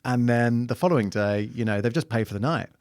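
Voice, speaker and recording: Here a comedian appears as a guest on a chat podcast, spinning meandering, animated tales and performing the characters' lines. He has a clear, resonant mid-range voice and talks a little fast. The audio is studio-grade with no echo.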